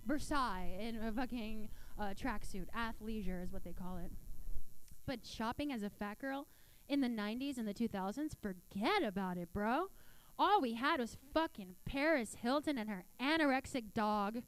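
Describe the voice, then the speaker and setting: A woman's voice: fairly high pitch, lively intonation, normal speed, clean tone. Brash, profane comedian woman. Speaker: stand-up comedian. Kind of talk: stand-up comedy set. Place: theater stage.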